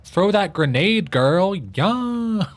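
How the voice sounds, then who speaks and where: A man putting on a shrill, camp, high-pitched cheering voice, squealing praise. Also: sing-song, very slow, full character voice. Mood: gushing hype. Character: sassy high-voiced cheerleader hyping a queen.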